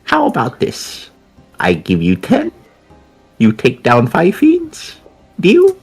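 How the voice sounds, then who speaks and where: A playful woman haggles in character during a tabletop game, her pitch leaping wildly from line to line. She talks slowly with a slightly breathy tone. Faint music plays underneath. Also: wildly swooping pitch, a little mellow. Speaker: player. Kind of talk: in-character tabletop role-play.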